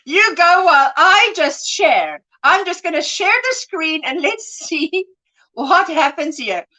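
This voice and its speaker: A woman with a high, bright voice co-hosts a relaxed crochet livestream. She reads viewer messages aloud affectionately and laughs often. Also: slow pace, rough recording. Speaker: livestream co-host. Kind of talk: casual crochet livestream chat.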